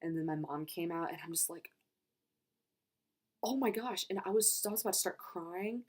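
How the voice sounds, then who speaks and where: A young woman excitedly recounting a story in a vlog, rambling and gushing. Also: lowish voice, quick pace. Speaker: vlogger.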